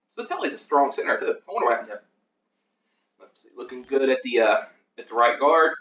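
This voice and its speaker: A man's voice: mid-range voice, pushed and bright, distant mic, slight background noise. A man hosting a casual livestream, rambling through team lineups with many fillers and self-corrections. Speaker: league host reviewing team depth charts. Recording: echoey room, voice off the mic.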